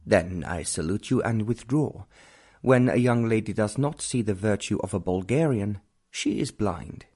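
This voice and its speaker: A man's voice: lowish voice, expressive, unhurried, a little mellow, husky, heavily acted. A man voicing a pompous middle-aged count, a suitor who speaks grandly and formally, in an audiobook. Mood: haughty. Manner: grand, formal, stiffly courteous.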